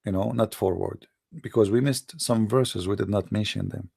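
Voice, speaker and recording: An actor playing a boastful, rambling mock preacher with an Arabic accent, in a satirical livestream monologue. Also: male voice, lowish voice, normal speed, creaky, darkish tone, breathy edge. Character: mock-pompous self-styled male preacher, middle-aged.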